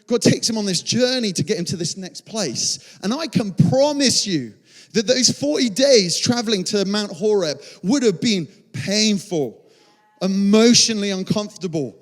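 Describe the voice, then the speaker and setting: A man's voice: sits high, expressive, normal speed. A male pastor giving a passionate, conversational sermon, often restarting his phrases. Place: church auditorium. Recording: reverberant church hall.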